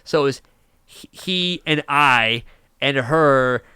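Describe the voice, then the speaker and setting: A man from Michigan, a podcast guest, telling rambling, animated stories and acting out the people in them. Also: mid-range voice, slow, clean tone, no echo. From Michigan, USA. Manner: rambling, animated, acts out other people's voices. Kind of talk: casual storytelling interview.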